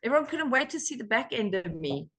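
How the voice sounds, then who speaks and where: An American woman leading a recovery meeting on a video call, talking in an earnest, emotional and animated way. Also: a little high, quick pace, slightly rough. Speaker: meeting leader.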